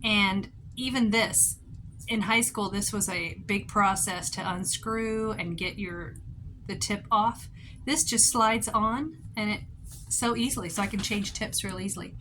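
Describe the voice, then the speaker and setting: A woman in her fifties giving a casual show-and-tell craft tutorial at a table at home, chatty and rambling, with sudden bursts of excitement. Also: mid-range voice, unhurried, slight background noise. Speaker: craft vlogger.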